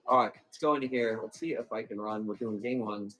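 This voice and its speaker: A man hosting a live plant auction stream, chatting casually and calling quick countdowns, with a casual swear here and there. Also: lowish voice, fairly bright tone, faint music behind, poor audio. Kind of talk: livestream sales chat.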